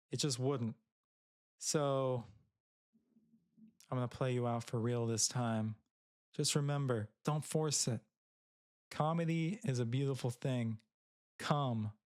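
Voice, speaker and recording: A man hosting his own comedy podcast, rambling through a crude, self-mocking monologue in a deadpan way. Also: mid-range voice, no echo, studio quality. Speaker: podcast host.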